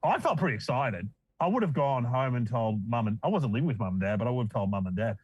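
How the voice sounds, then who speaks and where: A man's voice: mid-range voice, animated, fast, few pauses, a little mellow, breathy edge, no room sound, poor audio. A middle-aged man with an Australian accent, a comedian guest telling wry, self-deprecating stories in casual chat.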